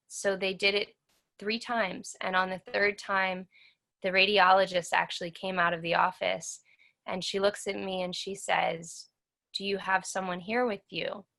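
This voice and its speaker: A woman's voice: medium pitch, gravelly, bright, forceful tone. A woman in her thirties, a guest in an interview, telling her own story earnestly and acting out what others said to her. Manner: earnest, acts out the dialogue of others.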